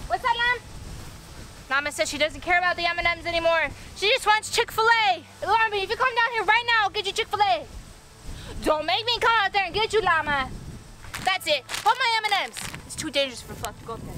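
A woman vlogging outdoors, excitedly calling out as she hunts for a lost toy llama. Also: extremely high pitch, brisk, background noise. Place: outdoors in woods.

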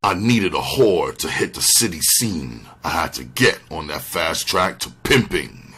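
A man reading a first-person memoir aloud, slow and deliberate. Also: sits low, very animated, pushed and bright, slightly rough. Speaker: audiobook reader.

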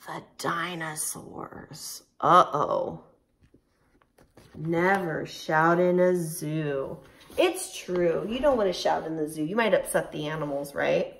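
Slow-talking, sing-song preschool teacher woman. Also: sits low, creaky. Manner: lively and encouraging, with a sing-song voice that drops to whispers. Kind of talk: circle time with a movement game for young children.

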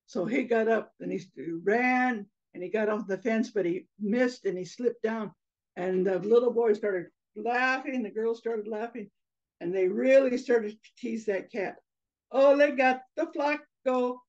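A woman telling a children's story in an expressive oral storytelling style, slipping in Spanish phrases. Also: mid-range voice, unhurried. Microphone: video call. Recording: slightly muffled online video call.

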